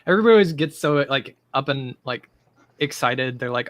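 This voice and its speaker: Man, guest host, casual group chat, dry sound, animated, opinionated. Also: mid-range voice, dry recording. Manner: animated, opinionated, quick asides.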